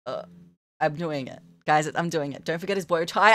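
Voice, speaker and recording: This young woman draws on a live stream and banters playfully with the people watching, breaking into giggles often. Her voice sits low but has a fairly bright tone, and she talks at a normal speed.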